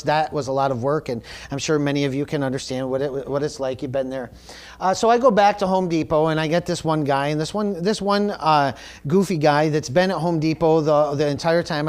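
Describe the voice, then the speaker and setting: A man's voice: on the high side, darkish tone. A male pastor preaching a sermon, telling a personal story in a candid, self-deprecating way. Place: church service.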